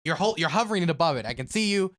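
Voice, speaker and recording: A man chatting on a live stream in a bright, slightly high voice. He keeps things casual and sarcastic, mocking whatever comes up. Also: expressive, rapid-fire. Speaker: streamer, co-host.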